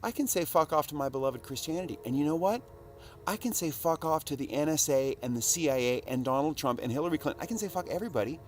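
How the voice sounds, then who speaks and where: A man talking to a recording device in a rambling, profane casual monologue, dropping to mumbles and rising to loud outbursts. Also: on the high side, quick pace.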